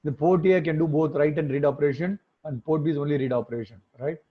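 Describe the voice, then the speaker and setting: Over a muffled line that sounds like a phone call, a male instructor leads an online class. His voice is on the high side with a breathy edge, and he talks fast, breaking things into steps and checking understanding with tag questions.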